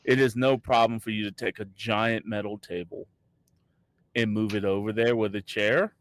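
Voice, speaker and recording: A man's voice: on the low side, fairly even intonation, moderate pace, no echo. Male game master, playful, stumbles often; dry, close. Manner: playful, stumbling over words. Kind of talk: narrating a tabletop game.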